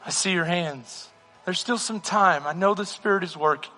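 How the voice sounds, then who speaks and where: A man's voice: high voice, normal speed, sharp tone. A male pastor preaching a sermon with a passionate, repetitive cadence in a church hall. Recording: reverberant hall with music.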